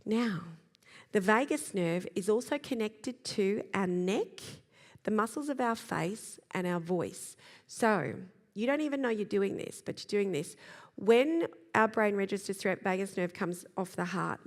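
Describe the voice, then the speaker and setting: A woman speaks to an audience on children and self-regulation at a middling pitch. She explains with energy and slips into acted examples. Her voice trails off in a long hall reverb. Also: a little slow. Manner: lively explaining, acts out examples. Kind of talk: live talk to an audience.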